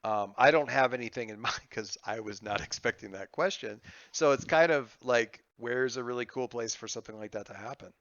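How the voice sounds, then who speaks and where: A man running a tabletop game, chatting out of character, excitable and halting, with many restarts. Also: medium pitch, dry recording. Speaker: game master. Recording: slightly muffled dry audio.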